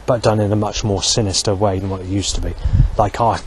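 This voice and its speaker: A middle-aged man speaks in a low voice, wandering from point to point, often stumbling and restarting his sentences. He swears casually as he talks. He is recorded outdoors, with loud street and traffic noise behind him. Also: flat delivery, fast, few pauses. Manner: meandering, frequent restarts and swearing. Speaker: vlogger. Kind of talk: rambling monologue.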